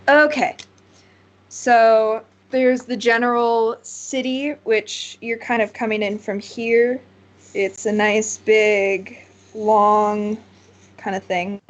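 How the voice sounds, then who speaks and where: A woman's voice: mid-range voice, dull audio. A woman narrating as game master of a tabletop game, rambling and searching for words with many fillers.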